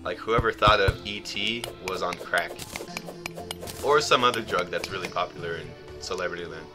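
A young man rambling and joking through casual gameplay commentary, with sudden loud outbursts. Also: low voice, moderate pace, music in the background. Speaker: gaming YouTuber.

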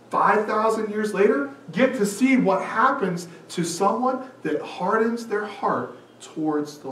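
A man preaching a sermon, lively and expressive, acting out the figures he quotes. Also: high voice, a little hiss or hum. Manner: animated preaching, acts out quoted lines. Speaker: pastor. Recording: echoey room, mic at a distance.

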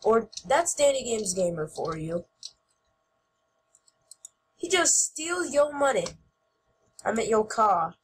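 A woman giving playful gameplay commentary as host, goofy and shouting mock-angrily at other players. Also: on the high side, very animated, takes it slowly, long pauses, slight background noise.

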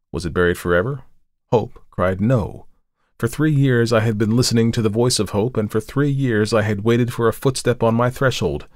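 Deep-voiced man reading a story. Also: darkish tone, no echo, clean studio sound. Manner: measured, dramatic storytelling. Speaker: narrator. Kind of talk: scripted audiobook narration.

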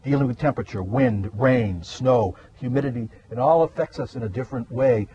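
Outdoors in a garden, a meteorologist guest explains things in a casual chat, rambling and hesitant with many "uhs." His medium-pitched voice is mellow and slightly rough, moving a little fast. The highs in the audio are cut off.

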